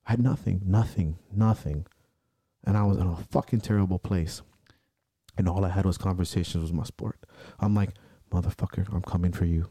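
A man's voice: low voice, moderate pace, no echo, clean studio sound. A man telling a personal story in a casual podcast conversation, intense and profane, acting out the angry things he said to himself. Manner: intense, profane storytelling, acting out his own shouted self-talk. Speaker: strongman athlete and podcast guest.

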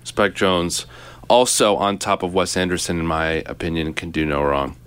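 A young man hosting a casual podcast chat with a friend, teasing and firing off quick questions. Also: low voice, fairly even intonation, a bit bright, smooth. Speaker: podcast host.

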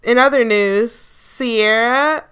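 A woman's voice: on the high side, slow, a bit bright, clean tone. A woman hosting a casual gossip podcast, chatty and slangy, laughing often and swearing casually. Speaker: podcast host. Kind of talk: casual celebrity gossip chat.

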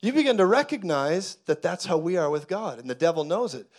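A man preaching a sermon with a fairly high voice. He tells the story softly and dramatically, then builds to loud, fervent, repeated declarations. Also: sing-song, fairly quick. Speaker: pastor.

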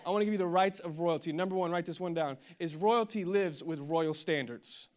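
High-voiced young male preacher. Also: fairly quick. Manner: energetic preaching that builds to loud declarations, with humorous storytelling. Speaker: pastor. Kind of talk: sermon.

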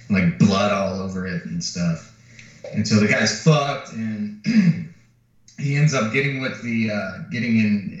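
In casual podcast chat, a fairly low-pitched man animatedly retells a movie's plot, cursing freely and performing the quotes. The mic is far away, the room very echoey, and the overall sound dull.

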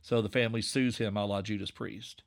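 A man in his forties from Southwest Virginia with an Appalachian accent and a slightly nasal voice, chatting casually in a relaxed, rambling way. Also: lowish voice, brisk, gravelly. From Southwest Virginia, USA. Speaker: podcast creator and narrator. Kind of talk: casual conversation.

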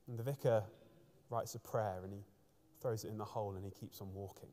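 A man's voice: medium pitch, normal speed, darkish tone. A man preaching a sermon from the front of a church, telling stories earnestly, with frequent restarts. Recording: long church reverb.

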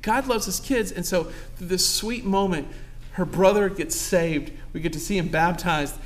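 A man's voice: sits high, normal speed. A young pastor preaching a sermon to his congregation, calling out asides and asking for amens. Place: church sanctuary.

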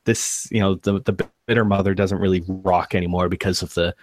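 A man's voice: low voice, fairly even intonation, fairly quick, darkish tone, dry recording. A man narrating as game master of a tabletop game, hesitant, with frequent fillers.

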